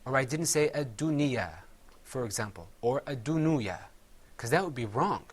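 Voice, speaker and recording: A man teaching a Quran recitation class, patiently quizzing his students and drilling words slowly with them. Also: medium pitch, lively intonation, breathy edge.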